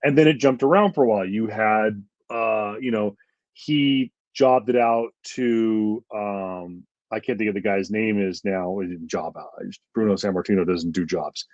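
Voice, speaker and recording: Podcast co-host, man, low voice, rambling opinions, dull lo-fi dry recording. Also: normal speed, a little mellow, no echo. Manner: rambling, heated wrestling opinions with frequent fillers. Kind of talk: casual chat.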